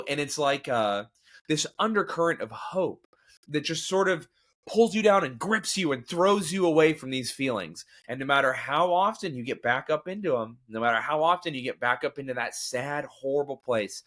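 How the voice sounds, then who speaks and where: A man with a slightly higher-than-average voice talks in an earnest, rambling way, often restarting his sentences. He sounds emotional and open, with brief laughs breaking in. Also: very animated, moderate pace, fairly bright tone. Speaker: comedian and podcast guest. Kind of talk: candid conversational talk.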